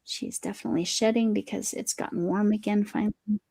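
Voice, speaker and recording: A woman's voice: mid-range voice, steady tone, a little fast, gravelly, mellow, husky, dry recording. A woman hosting a casual live chat while she crochets, reading viewer comments aloud and talking to her cat. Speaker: livestream host.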